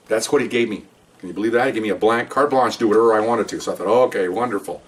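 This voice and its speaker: Older ex-cop storyteller, low voice, rapid delivery, acts out the dialogue, mic set back a bit. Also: male voice, recorded from a distance. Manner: animated storyteller who acts out dialogue and asks rhetorical questions. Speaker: retired police supervisor telling stories. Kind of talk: podcast storytelling.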